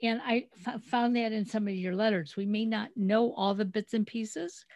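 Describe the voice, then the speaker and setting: A middle-aged woman hosting a podcast, telling family stories in a chatty, animated way over a remote call. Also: mid-range voice, moderate pace, no echo. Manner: storytelling, chatty, animated retelling. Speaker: podcast host. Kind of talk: casual interview chat.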